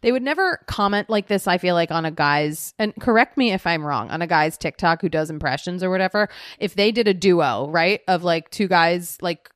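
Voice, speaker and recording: A woman in her thirties co-hosting a podcast in casual chat, animated, laughing a lot and swearing freely. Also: fairly low pitch, moderate pace, hardly any pauses, no echo, studio quality. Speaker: podcast co-host.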